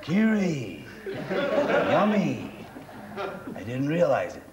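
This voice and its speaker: A man's voice: a little high, huge pitch swings, extremely slow, muffled recording, a loud crowd, full character voice. A man playing a brash, impatient old American conductor in his sixties who scolds and mocks in bursts, in a comic sketch. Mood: bossy. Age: 60s. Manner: bossy, scolding, mocking outbursts. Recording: echoey stage with audience laughter.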